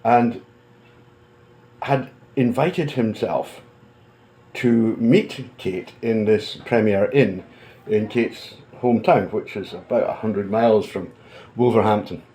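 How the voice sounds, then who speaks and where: A man's voice: fairly low pitch, slow pace, dark tone, poor audio. A man talking casually to camera, blunt and combative, swearing freely and speaking from indoors at home. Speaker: commentator.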